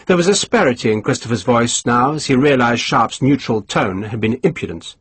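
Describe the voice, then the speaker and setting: Male audiobook narrator, lively reading. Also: medium pitch, a little fast, hardly any pauses, husky, dry recording. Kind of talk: scripted narration.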